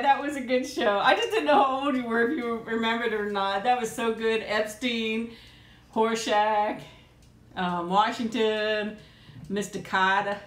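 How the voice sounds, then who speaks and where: A woman's voice: on the high side, fairly bright tone, roomy sound. A middle-aged woman hosting a casual live chat from home on a tablet, laughing often and cooing at her pet. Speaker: live stream host.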